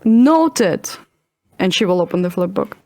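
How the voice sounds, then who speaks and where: A woman playing in a tabletop game, talking plainly and asking quick questions about the scene. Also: medium pitch, lively intonation, dark tone, no echo, studio quality. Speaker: player. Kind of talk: casual tabletop play.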